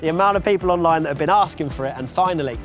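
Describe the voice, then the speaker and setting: A man's voice: fairly high pitch, rapid-fire, soft background music. Upbeat man presenting a racing show. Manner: teasing, upbeat. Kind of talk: presenting an esports broadcast.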